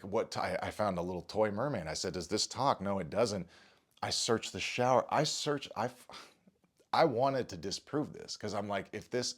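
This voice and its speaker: A man with a very low voice speaks to camera, visibly shaken. He stammers, restarts his sentences and curses now and then while recounting an experience that unsettled him. He sounds like a father telling the story right after it happened. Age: adult father. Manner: rattled, stammering, restarts and swears. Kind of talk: shaken first-person account to camera.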